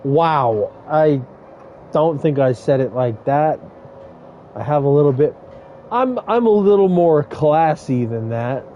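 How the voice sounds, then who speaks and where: A man's voice: on the high side, lively intonation, slow, highs cut off, slight background noise. A man casually commenting on a game he plays, rambling into crude, joking stories. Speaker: gaming streamer. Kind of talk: casual let's-play commentary.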